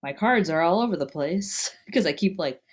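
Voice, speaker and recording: Low-voiced young woman, chatty. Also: lively intonation, normal speed, breathy edge. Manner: chatty, laughs often, rambling restarts. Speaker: podcast co-host. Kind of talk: casual chat.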